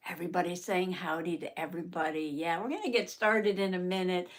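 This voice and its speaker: A woman's voice: fairly low pitch, quick pace. An older woman from Southern Indiana hosting a casual live art stream, greeting viewers by name and laughing often.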